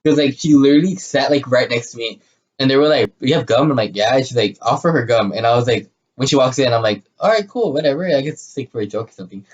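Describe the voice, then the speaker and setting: A man's voice: mid-range voice, fast, highs cut off. A young man in the middle of his range, chatting casually as a podcast co-host. He rambles through crude stories, stacks up fillers and keeps breaking into laughter. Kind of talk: casual chat.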